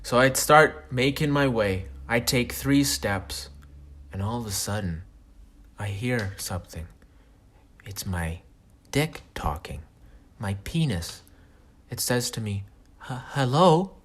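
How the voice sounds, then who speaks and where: A man's voice: lowish voice, measured pace, a bit bright. A man hosting a podcast, telling a comic story in a profane, self-mocking monologue. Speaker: podcast host.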